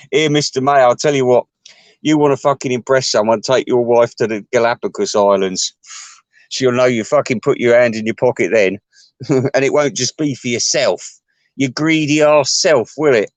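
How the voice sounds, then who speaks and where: A man chatting to his viewers in a rambling, sweary way, chuckling often and jumping his voice up high. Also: moderate pace, dry recording. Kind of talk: casual rambling chat.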